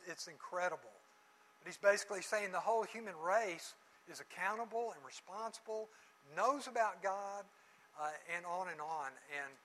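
A middle-aged man teaching a Bible lesson, telling lively stories with voices and jokes, closing in prayer. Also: high-pitched, low-quality recording.

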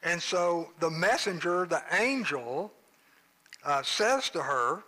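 A man's voice: on the high side, animated, takes it slowly, bright, forceful tone, rough recording. A man preaching a sermon in a conversational, joking way, with playful asides. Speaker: pastor.

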